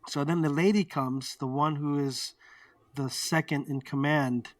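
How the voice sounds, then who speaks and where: Animated, outspoken man telling his story. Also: a little high, a little slow, no room sound, distant mic. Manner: animated, acts out quoted arguments, swears freely. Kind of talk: candid personal storytelling.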